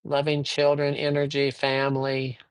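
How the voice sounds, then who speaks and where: A man gives card readings on a livestream in a voice of middling pitch. He is upbeat and chatty, rambles a little and greets viewers by name. The sound is close and dry, with almost no room reverb. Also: monotone, moderate pace, clean tone. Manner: rambling, with frequent fillers. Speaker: psychic reader. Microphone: livestream microphone.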